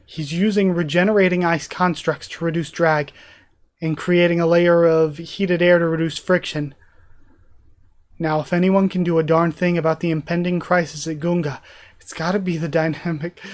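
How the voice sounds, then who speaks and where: Man with a fairly high voice reacting live. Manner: animated, emotional commentary. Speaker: YouTuber reacting to manga. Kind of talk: live reaction, reading aloud.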